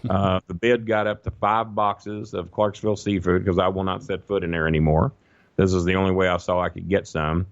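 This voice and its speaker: A man telling a long, profane, animated story in a casual podcast chat. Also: low-pitched, fairly quick, dry recording, lo-fi sound. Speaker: guest storyteller.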